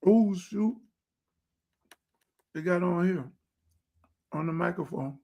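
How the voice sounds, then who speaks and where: A man's voice: high voice, slow pace, creaky, long pauses, darkish tone. A man hosting a casual livestream chat, rambling on in a loose, chatty way while he eats. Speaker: show host.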